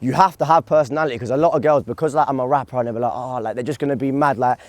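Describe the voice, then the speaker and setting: A young man, a rapper, in casual podcast banter, animated and laughing often. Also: mid-range voice, racing, no echo. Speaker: rapper guest. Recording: crowd and loud background noise.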